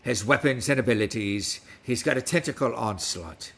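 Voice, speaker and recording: Gravelly man in a pirate voice. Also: mid-range voice, normal speed, fairly bright tone. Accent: put-on West Country pirate accent. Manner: playful pirate talk, reads stats aloud. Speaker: livestream host. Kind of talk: casual livestream chat in a pirate voice.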